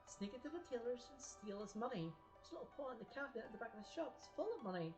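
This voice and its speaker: A woman voicing a lonely, clever young girl in a read-aloud game story, speaking in a hushed, conspiratorial way. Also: fairly high pitch, lively intonation, very fast, music in the background, pitched above the performer's own voice, natural voice. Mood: sly.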